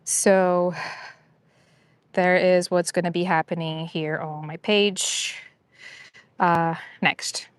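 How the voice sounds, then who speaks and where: A woman's voice: lowish voice, level tone, slow pace, long pauses, smooth, no room sound. A woman chatting casually on a live stream about rescue dogs, rambling and upbeat with lots of fillers.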